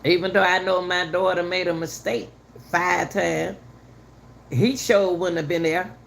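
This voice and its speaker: A woman's voice: fairly low pitch, steady tone, unhurried, gravelly, slight background noise. A middle-aged woman giving heated, casual commentary to her viewers, repeating herself for emphasis. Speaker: channel host commenting on a news case.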